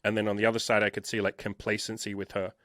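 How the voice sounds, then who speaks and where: Emphatic swearing man, lowish voice. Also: completely flat delivery, fast talker, a bit bright, dry recording, studio quality. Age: 30s. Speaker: guest. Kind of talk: casual interview storytelling.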